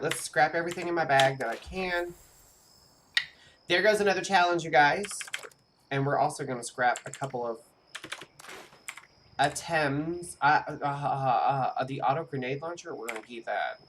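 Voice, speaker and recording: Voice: medium pitch, normal speed, pauses often, noisy background. Chatty streamer narrating a game live, talks right to chat, mid-range voice, faint keyboard clicks behind. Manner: chatty, talks to viewers, animated reactions. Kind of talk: live gameplay commentary.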